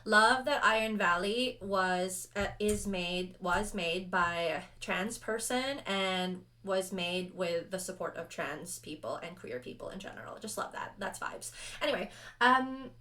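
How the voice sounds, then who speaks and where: A young adult woman chatting casually and rambling through rules as she sets up a solo tabletop roleplaying game, animated and self-deprecating. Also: medium pitch, a little slow. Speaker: solo roleplayer and video host. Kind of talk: casual actual-play chat.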